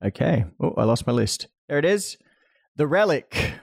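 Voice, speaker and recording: A man's voice: a little high, big pitch swings, moderate pace, gravelly, dry recording, clean studio sound. A man co-hosting a podcast, running through a film list in a jokey, laid-back way. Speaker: podcast co-host. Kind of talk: casual film chat.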